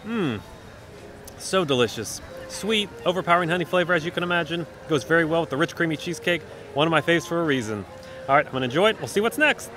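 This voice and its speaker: A man's voice: fairly high pitch, lively intonation, quick pace, fairly bright tone, soft background music. A man vlogging his day outdoors at a theme park, upbeat and enthusiastic as he talks to viewers. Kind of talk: casual vlog narration.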